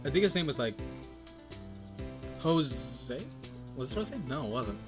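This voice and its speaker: A man's voice: medium pitch, lively intonation, unhurried. A man giving rambling, joking commentary while playing a game, over game music. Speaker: gameplay host. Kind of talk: casual gameplay commentary.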